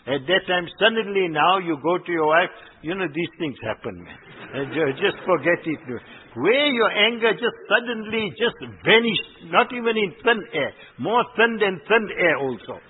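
A man preaching a sermon, exhorting his listeners with rhetorical questions and quickly recited Arabic verses. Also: high-pitched, animated, a little hiss or hum. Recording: tinny phone-like audio in a reverberant hall.

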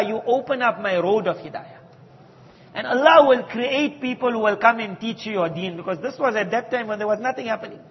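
A man telling a story in a sermon, animatedly acting out the quoted dialogue of the people in it. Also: high-pitched. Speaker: preacher. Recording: dull audio with long hall reverb.

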